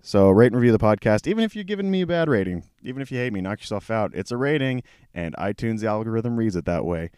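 A man hosting a casual solo podcast, tired and low on energy, rambling with lots of swearing and self-deprecating asides. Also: lively intonation, quick pace, a little mellow, smooth, no echo, clean studio sound. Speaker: podcast host. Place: small hot room at home. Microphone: camera mic.

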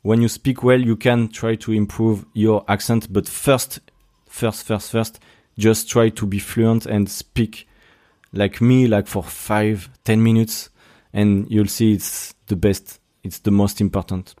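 A man's voice: fairly low pitch, flat delivery, takes it slowly, dark tone. A young man from Brittany with a French accent, hosting a casual solo podcast and talking with many restarts and fillers. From Brittany, France. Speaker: podcast host.

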